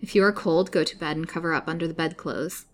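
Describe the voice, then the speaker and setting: Woman doing a vicious old jailer woman, curt, snapping, grim, low voice. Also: fairly even intonation, fast, natural voice. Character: sharp-tempered, vicious old female jailer.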